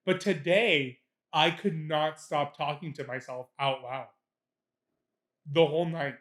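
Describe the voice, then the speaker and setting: A young man with a slightly higher voice chats loosely on a podcast and laughs as he tells his stories. He swears freely and speeds up when a bit gets going. The sound is roomy and echoey. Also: unhurried, a bit bright. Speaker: podcast co-host. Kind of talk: casual chat. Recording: echoey room.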